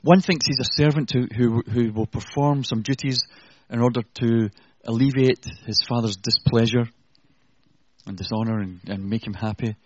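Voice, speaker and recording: A man's voice: medium pitch, fairly even intonation, moderate pace, no echo, lo-fi sound. A man preaching an earnest, conversational sermon with self-deprecating asides.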